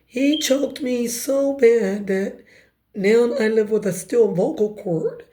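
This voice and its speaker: A woman with a raspy voice telling her personal testimony in an emphatic, conversational way with quick asides. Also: a little high, warm tone. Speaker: speaker giving personal testimony.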